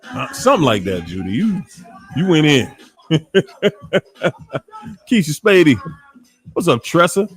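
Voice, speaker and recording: A man's voice: a little high, huge pitch swings, unhurried, pauses often, soft background music. A man with a D.C. African American accent hosting a casual livestream, playfully calling out viewers by name and laughing often. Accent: African American English from Washington, D.C. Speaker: livestream host.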